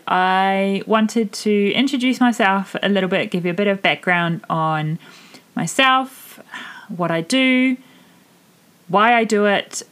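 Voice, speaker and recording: A woman in her thirties from Germany with a New Zealand accent, hosting her own podcast in a candid, chatty monologue full of fillers. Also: medium pitch. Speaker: podcast host and mindset coach. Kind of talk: casual solo podcast monologue.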